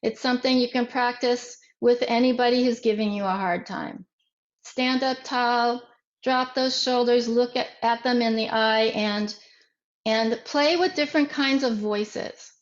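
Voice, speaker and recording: Woman instructor going over self-defense, talks real slow, kinda high voice, echoey muffled room. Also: steady tone. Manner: slow, deliberate, repeats and restarts. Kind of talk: workshop instruction. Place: online workshop.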